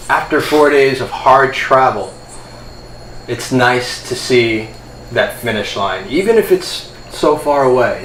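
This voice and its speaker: A man narrating a tabletop role-playing game as its game master, in a steady storytelling manner. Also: on the low side. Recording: echoey room, faint ambient noise.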